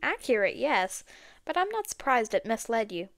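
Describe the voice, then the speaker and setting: Woman reading as a brisk young girl detective. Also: a little high, big pitch swings, no echo, studio quality. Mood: earnest.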